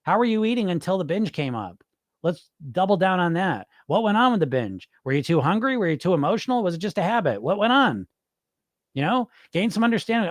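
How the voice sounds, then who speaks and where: A middle-aged man coaches dieters on his podcast in a blunt, profane, casual way, his voice sitting fairly high and swinging widely in pitch. He often slips into a panicky imitation of a dieter before snapping back to plain talk. The sound is dry and close. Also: very animated, fairly quick, no echo. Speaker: podcast host and weight loss coach.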